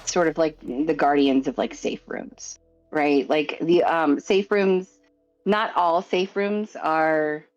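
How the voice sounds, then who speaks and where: Low-voiced, speculative woman co-host. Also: slow pace, dull audio, faint music behind. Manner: speculative, many likes and you knows. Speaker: podcast co-host. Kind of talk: casual book discussion.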